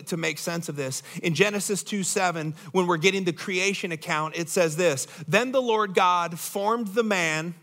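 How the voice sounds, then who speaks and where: A man's voice: high voice, bright, forceful tone. A man preaching a sermon as pastor in a conversational way, often asking the congregation questions.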